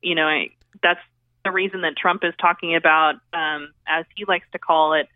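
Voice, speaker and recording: A woman's voice: low voice, fairly even intonation, moderate pace, dry recording. A woman from Oklahoma, a journalist guest, chatting casually about politics with plenty of fillers over a phone line. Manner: chatty, agreeable, many fillers.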